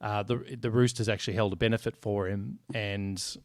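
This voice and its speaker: A man's voice: lowish voice, steady tone, normal speed, no room sound, studio quality. A man co-hosting a casual sports podcast, blunt and joking, swearing freely. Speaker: podcast co-host.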